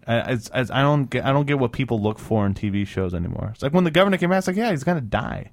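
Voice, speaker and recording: A man co-hosting a casual radio talk show, ranting in an animated way and leaping up in pitch when he mocks what people say. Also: rapid-fire, no echo. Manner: animated, ranting, jumps up in pitch for mock quotes. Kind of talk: casual banter.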